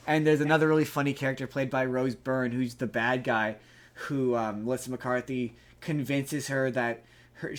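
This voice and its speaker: A man's voice: on the high side, a bit bright. A man hosting a podcast, chatting casually about a movie, rambling with many restarts and frequent swearing. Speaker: podcast host. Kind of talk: casual movie review chat.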